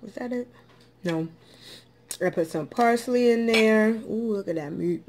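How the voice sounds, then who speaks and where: Slow-talking woman in a casual eating vlog. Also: on the high side, darkish tone, slight background noise. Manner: slow, drawling, chatty with many ums. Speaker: food vlogger. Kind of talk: casual mukbang eating chat.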